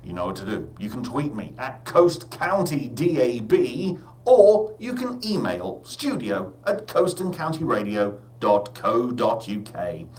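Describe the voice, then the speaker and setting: A man's voice: mid-range voice, big pitch swings, a little slow, a little mellow, roomy sound, recorded from a distance, poor audio. A man hosting a live breakfast radio show, rambling and jokey in a casual, chatty way.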